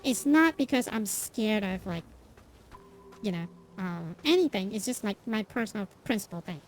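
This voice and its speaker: A woman's voice: medium pitch, animated, normal speed, slight background noise. A young woman streamer chatting casually while gaming, rambling and self-deprecating with lots of restarts and fillers, and laughing often.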